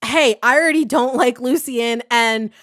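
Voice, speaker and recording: A young woman hosting a comic reaction video, talking casually, swearing and shouting at the story, then calmly giving advice on writing characters. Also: on the high side, normal speed, dry recording, clean studio sound. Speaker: webcomic reaction host.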